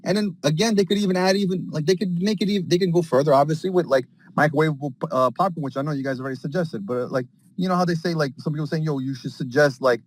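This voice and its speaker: Excited slangy man rambling on a call. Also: fairly high pitch, very fast, few pauses. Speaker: space call participant. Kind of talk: casual chat.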